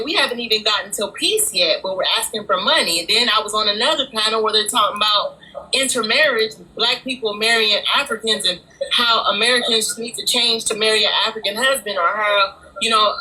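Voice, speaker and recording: A woman talks things through in a casual discussion, measured and reflective and often restarting a thought. Her voice is bright and crisp at a middle pitch. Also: low-quality recording. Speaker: guest panelist.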